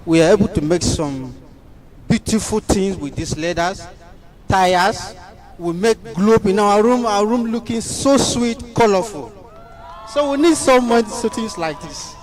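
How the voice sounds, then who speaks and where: A man, a community member giving an enthusiastic, halting speech of thanks at a meeting. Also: sits high, lively intonation, darkish tone.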